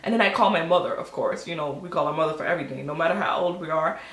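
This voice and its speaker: A woman in her twenties telling a storytime vlog, chatty and animated, acting out quotes with lots of fillers. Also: sits low, very fast, reverberant. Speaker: vlogger.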